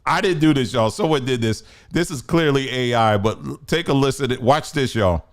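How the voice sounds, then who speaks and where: A man's voice: medium pitch, moderate pace. A middle-aged man hosts a casual news commentary stream in an ordinary mid-range voice. He rambles loosely, mutters to himself and breaks into laughter often. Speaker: host.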